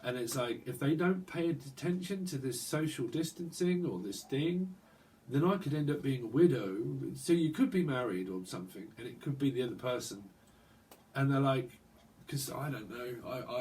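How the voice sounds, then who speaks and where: A man's voice: mid-range voice, moderate pace, darkish tone, far from the mic, poor audio. A man wanders through a psychic tarot reading, drifting from one word to the next and checking in with "right?" over and over. His voice sits in an ordinary middle range. He sounds set back from the microphone, with a faint noise underneath. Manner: rambling, free-associating, many "like" and "right?" tags. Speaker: tarot reader.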